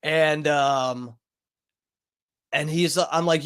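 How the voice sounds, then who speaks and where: A man with a notably high voice tells a story casually on camera. He rambles, swears constantly and gets animated as he goes. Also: measured pace. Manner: rambling, profanity-laced, animated. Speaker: vlogger.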